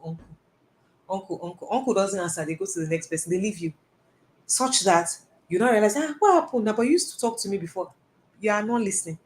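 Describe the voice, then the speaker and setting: A woman giving a live talk, answering audience questions in an earnest, emphatic way and repeating phrases for stress. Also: medium pitch. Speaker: personal development speaker.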